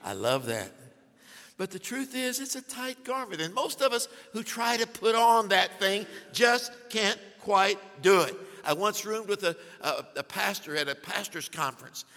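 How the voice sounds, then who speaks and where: An older man delivers a sermon with a bright, slightly high voice. He tells humorous stories and swings between hushed asides and loud declarations. The sound carries a long reverb, like a big hall. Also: lively intonation, measured pace. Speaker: pastor.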